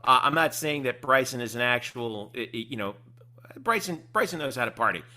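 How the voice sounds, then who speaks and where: Bright-voiced man hosting a sports podcast. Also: medium pitch, expressive, a little fast. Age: around 40. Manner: leads the talk, repeats words as he starts. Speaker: podcast host. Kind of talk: casual sports chat.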